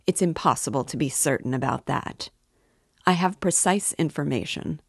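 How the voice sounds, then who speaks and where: A pompous middle-aged official lays out his case in formal, self-satisfied sentences, read by a woman. The voice sits low and unhurried. The sound is dry and close. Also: gravelly, breathy edge, no echo, exaggerated voice. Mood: measured. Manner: formal, measured, self-important.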